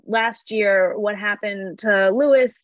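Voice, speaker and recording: A woman co-hosts a podcast over a video call and airs her opinions playfully. Her voice comes through muffled and dry, with no room sound. Her pitch is ordinary for a woman. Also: steady tone, slow, dry recording. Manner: playful, opinionated, laughs easily. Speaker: podcast co-host. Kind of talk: casual podcast chat.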